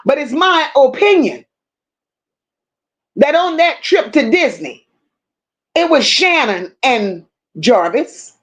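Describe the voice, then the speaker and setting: Blunt, high-voiced woman livestream host. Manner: blunt, emphatic, greets viewers by name. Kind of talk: casual livestream commentary reading chat.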